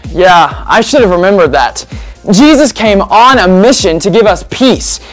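Woman as a jumpy, exclamatory adventurer host, lively pitch. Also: a little slow, faint music behind, lightly acted. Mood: frantic. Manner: frantic, exclamatory. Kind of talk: children's church skit.

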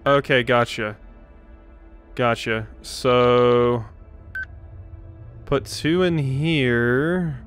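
A man's voice: mid-range voice, extremely slow, pauses often, a bit bright, faint music behind. A man hosting a let's play, thinking aloud through a puzzle and poking fun at himself. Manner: self-deprecating, thinks aloud. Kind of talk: gaming commentary.

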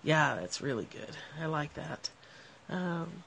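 A woman with a nasal, gravelly voice chats casually to her live viewers about spiritual ideas. She sounds relaxed and reflective, laughs often, and talks into a phone, with a faint hiss underneath. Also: low voice, slow, long pauses. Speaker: live stream host.

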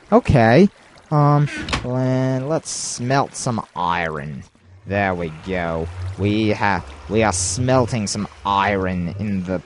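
A man giving rambling gameplay commentary, talking to himself with excitable outbursts. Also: medium pitch, slight background noise. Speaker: let's play host.

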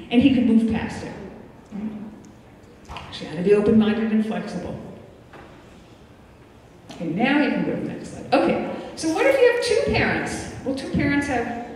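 A woman in her sixties, a psychiatrist giving a relaxed, conversational parenting lecture, slipping into the voices of the parents and children she quotes. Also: a little high, normal speed, long pauses. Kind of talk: lecture to an audience. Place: lecture hall. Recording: echoey hall from far off, faint noise.

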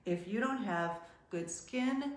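A woman's voice: medium pitch, slow pace, reverberant. A middle-aged woman, a modeling agent, teaching in a chatty way and acting out what clients said. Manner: chatty, animated, acts out quotes from clients. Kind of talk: casual teaching talk.

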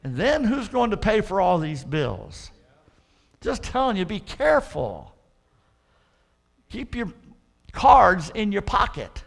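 A man pastor delivering an earnest sermon, often restarting with repeated words and swelling into loud emphatic warnings. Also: high-pitched, wildly swooping pitch, slow pace, gravelly, long pauses.

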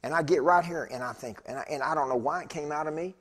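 A man preaching in church, telling a personal story in a chatty, animated way with laughing asides to the congregation. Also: fairly high pitch, fast talker. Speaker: pastor. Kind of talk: storytelling sermon. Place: church sanctuary.

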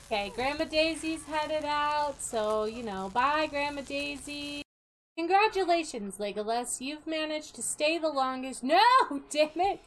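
A young woman casually commenting on a life-sim game she plays, chatty and quick to laugh. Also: sits high, a little hiss or hum, poor audio. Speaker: gaming video host.

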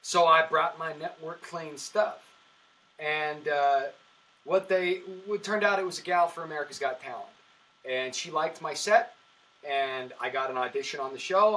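A man's voice: fairly high pitch, moderate pace, a bit bright, poor audio. A man, a comedian, chatting casually on a podcast and telling rambling stories full of fillers and restarts. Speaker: comedian guest.

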